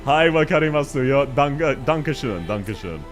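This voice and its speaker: A man's voice: medium pitch, lively intonation, a little slow, music in the background. A young man, streaming a game and chatting casually, joking, laughing often and reading chat aloud. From Australia. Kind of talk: casual live-stream chat while gaming.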